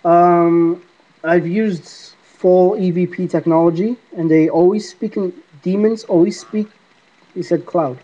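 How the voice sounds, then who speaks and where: Rambling vlogger man who talks back to invisible spirits, mellow voice, dull lo-fi iPod sound. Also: a little high. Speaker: paranormal app vlogger. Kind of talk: casual rambling monologue to camera. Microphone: iPod camera mic.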